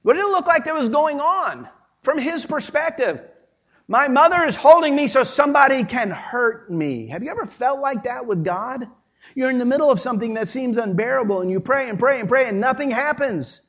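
A man's voice: very high-pitched, animated, brisk. Man preaching with emphatic swings. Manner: emphatic preaching, swinging between loud and quiet. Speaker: pastor. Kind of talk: sermon. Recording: dull lo-fi sermon recording.

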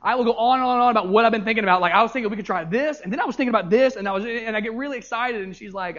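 A young male youth pastor preaching a sermon, his voice sitting high for a man. He tells stories with animated energy and often stumbles over repeated words. The recording is dull and lo-fi. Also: racing, hardly any pauses.

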